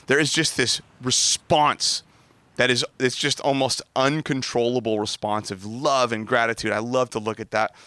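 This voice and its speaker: A man in his thirties, a pastor preaching outdoors by the water, telling lively family stories and doing playful voices for his kids. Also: mid-range voice, normal speed, dry recording. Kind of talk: sermon. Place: outdoors by a large body of water.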